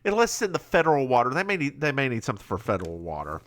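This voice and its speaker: A man with a Southern accent, co-hosting a podcast and recapping a TV episode in a joking, animated way. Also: mid-range voice, racing. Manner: animated, joking, mimics characters. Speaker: podcast co-host. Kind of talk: casual recap chat.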